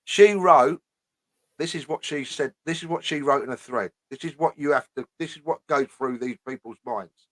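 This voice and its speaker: A man's voice: on the high side, normal speed, dry recording. Blunt, swearing man ranting. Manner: blunt, swears often, repeats "you know what I mean". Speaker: host. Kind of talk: casual chat, ranting.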